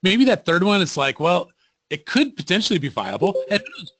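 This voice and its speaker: Gravelly, bright-voiced man giving a webinar. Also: on the high side, brisk, no room sound. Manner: animated storyteller acting out quoted voices. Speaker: webinar presenter. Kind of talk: interactive webinar talk.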